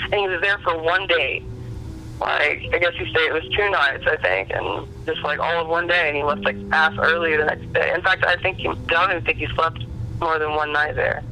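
A woman's voice: on the low side, pushed and bright, a little hiss or hum, rough recording. A young adult woman comedian telling candid stories in a casual podcast chat, swearing freely. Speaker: comedian guest.

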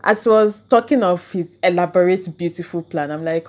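Young woman, low voice, podcast storyteller who acts out both sides of an argument. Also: normal speed. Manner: animated, reenacts arguments with quoted voices. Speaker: podcast host. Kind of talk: casual storytelling monologue.

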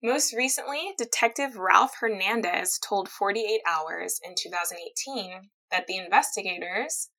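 A woman's voice: mid-range voice, unhurried, gravelly, hardly any pauses, bright, forceful tone, rough recording. A woman hosting a casual podcast, recounting a true-crime case, reading quotes aloud and laughing easily. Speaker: podcast host telling a true-crime story. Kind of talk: casual storytelling chat.

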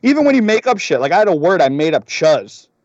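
Animated young man, dry lo-fi sound. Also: a little high, fast, dry recording. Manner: animated, swearing, acts out quotes. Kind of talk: casual podcast chat.

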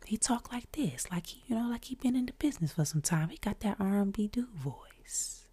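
A woman putting on a mellow male R&B singer who barely raises his voice above a breathy whisper. He sounds smooth, gentle and unhurried, like a seasoned crooner. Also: mid-range voice, animated. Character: soft-spoken male R&B singer, mellow and hushed.

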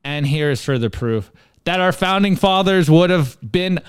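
A clear, smooth-voiced man with a fairly high pitch co-hosts a casual podcast. He reads memes aloud and comments on them with emphatic, preachy, mocking force. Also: lively intonation, moderate pace, dry recording, clean studio sound. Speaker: podcast co-host.

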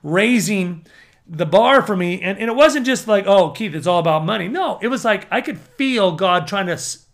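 A man preaching to an audience as a prophetic minister, fervent and building to emphatic near-shouts. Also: high voice.

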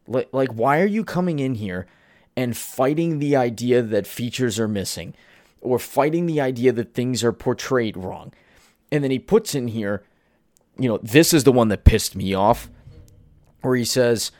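A man's voice: medium pitch, expressive, moderate pace, darkish tone, no echo, studio quality. A man hosting a solo commentary podcast, ranting in an exasperated way. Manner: ranting, exasperated, swears at target. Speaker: podcast host.

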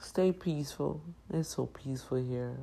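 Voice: mid-range voice, moderate pace, vocal fry, mellow, poor audio. A middle-aged host talking in a casual monologue, emphatic and preachy, repeating key phrases.

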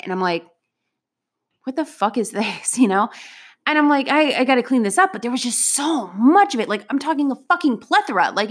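A young adult woman with a fairly high voice tells a personal anecdote as a storyteller, casual, profane, and animated, now and then breaking into loud outbursts.

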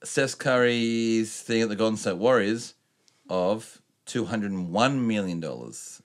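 A man co-hosting a podcast, talking in crude, rambling banter and reading sports news haltingly. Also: on the low side, expressive. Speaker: podcast co-host. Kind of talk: casual sweary podcast banter.

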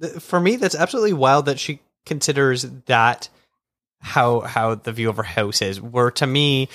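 A man's voice: medium pitch, moderate pace, a bit bright, dry recording, clean studio sound. A man co-hosting a podcast in casual chat, thinking aloud and restarting phrases. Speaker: podcast co-host.

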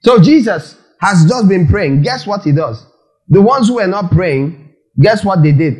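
A man's voice: high voice, lively intonation, unhurried, a little mellow, low-quality recording. A man preaching a sermon as a pastor, asking the congregation questions and acting out quotes.

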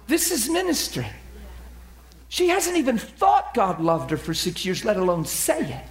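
A man telling ministry stories in a sermon, acting out the people he quotes and dropping to a soft near-whisper at tender moments. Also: high-pitched, expressive, a little slow, reverberant. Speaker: preacher. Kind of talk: storytelling sermon.

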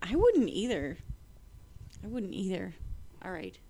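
A woman with a mid-pitched voice co-hosts a podcast, reading out strange news with an animated, playful delivery. She laughs often and reacts loudly to what she reads. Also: a little slow, slightly rough. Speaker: podcast co-host. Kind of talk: casual comedic chat, reading news stories.

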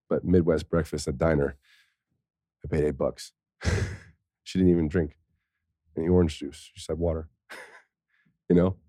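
A former pro football player tells a story in a low, warm voice, rambling, swearing freely and laughing often. It's casual storytelling, recorded dry with clean studio sound.

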